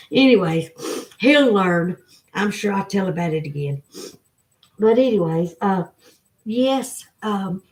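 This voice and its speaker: A woman with a Southern American accent, in her forties or older, hosting a casual livestream and talking to viewers by name in a folksy, emotional way. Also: medium pitch. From Southern United States. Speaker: livestream host. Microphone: phone.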